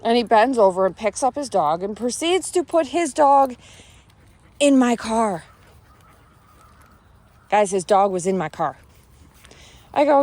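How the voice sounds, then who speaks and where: A woman with a slightly high voice tells a story in a casual vlog. She talks as she walks outdoors and turns aside now and then to speak to her dog. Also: expressive, unhurried, long pauses, a little mellow, no echo. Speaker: vlogger.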